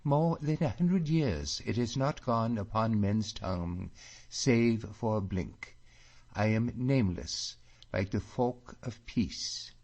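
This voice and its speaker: A male audiobook reader voicing a spirited, proud young Highland woman with a lilting manner. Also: slow, a little mellow, lo-fi sound. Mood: haughty.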